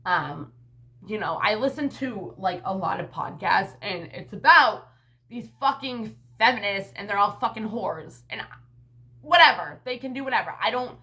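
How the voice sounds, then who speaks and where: A woman's voice: mid-range voice, animated, moderate pace, bright, forceful tone. A woman talking to her camera in a casual vlog, rambling bluntly with frequent swearing and lots of "like" and "you know.". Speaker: vlogger and mother.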